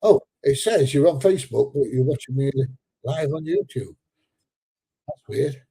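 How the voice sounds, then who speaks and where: A seventy-year-old man reads out viewer comments during a live stream, chatty and joking, laughing a lot and slipping into slang. He sounds a bit congested, his medium-pitched voice gravelly, husky, and dark, animated but at a measured pace, with no echo.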